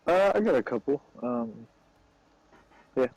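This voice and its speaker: A man's voice: mid-range voice, expressive, measured pace, darkish tone, no echo, rough recording. A man in casual chat, asking drivers questions in a laid-back way. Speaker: guest interviewer.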